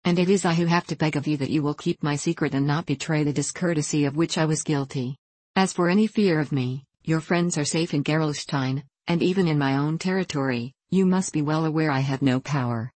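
A woman's voice: sits low, brisk, no echo. A woman voicing a courteous, self-mocking middle-aged prince in a storybook reading. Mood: wry. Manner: courteous, gently teasing.

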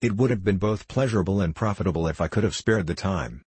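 A man's voice: deep voice, fast, a little mellow, husky, dry recording. A man reading the part of a kindly, earnest male scholar who plays a polite and formal host, in a storybook reading. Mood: courteous. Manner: courteous, formal.

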